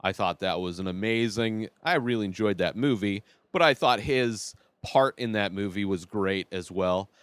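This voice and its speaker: A man's voice: on the low side, moderate pace, hardly any pauses, fairly bright tone, clear, resonant tone, no echo. A man hosting a podcast, chatting casually and giving his opinions as he reviews a TV series. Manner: chatty and opinionated, thinking aloud.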